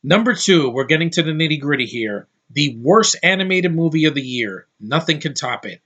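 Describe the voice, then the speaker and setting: A man rants through a casual movie review in a bright, forceful voice. He is blunt and scornful, and he swears offhandedly as he picks things apart. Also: on the high side, animated, a little fast, dull audio.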